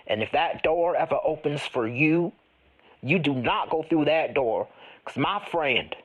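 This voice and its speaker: A man playing an eccentric, folksy ghost hunter who tells rambling stories with deadpan earnestness in an improvised comedy interview. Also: a little high, measured pace, poor audio. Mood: mournful.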